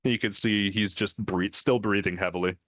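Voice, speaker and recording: Low dude dm narrating, lots of ums, kinda dull muffled audio. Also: male voice, fairly even intonation, fairly bright tone, no echo. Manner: descriptive, halting with fillers. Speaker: dungeon master. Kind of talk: narrating a tabletop game.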